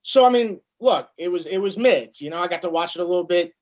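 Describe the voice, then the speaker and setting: Laid-back high-voiced male co-host, dull audio. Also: lively intonation, quick pace. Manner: laid-back, slangy banter. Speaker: sports radio co-host. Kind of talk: casual sports radio chat.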